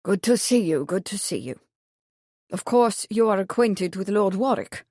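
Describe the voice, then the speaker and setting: A woman's voice: mid-range voice, expressive, normal speed, a little mellow, dry recording, studio quality. A woman voicing a portly, jovial prince with a guttural German accent in an audiobook. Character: portly jovial royal prince, stern at times.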